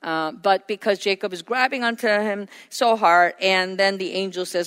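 A woman's voice: mid-range voice, moderate pace, hardly any pauses, fairly bright tone, clean tone. Woman preaching in a reverberant hall. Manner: earnest, emphatic, with frequent fillers. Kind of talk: sermon.

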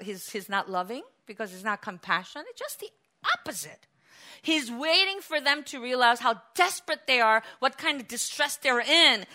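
A woman preaching a sermon, telling the story with animated energy and acting out the voices in it, now and then breaking into shouts. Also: sits high.

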